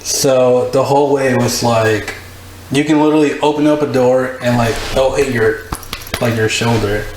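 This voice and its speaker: A man's voice: mid-range voice, normal speed, darkish tone. A young man, a guest DJ, telling a long story in casual chat, laughing often and saying "like" a lot. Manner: rambling, laughs often, full of "like". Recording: echoey room with faint noise.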